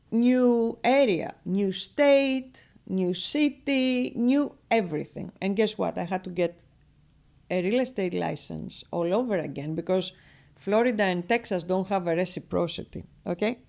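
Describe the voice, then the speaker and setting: Guesting on a radio interview, a real estate broker from Greece recounts her business story with a Greek accent. She's lively and chatty, laughing often, in a mid-range voice.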